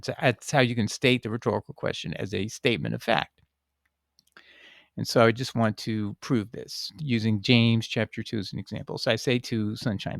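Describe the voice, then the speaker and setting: A man's voice: mid-range voice, gravelly, no echo, clean studio sound. A man explaining a scripture passage to a viewer while sharing his screen, in a rambling, emphatic teaching style with frequent restarts. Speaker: Bible teacher answering a viewer. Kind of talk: casual screen-share teaching.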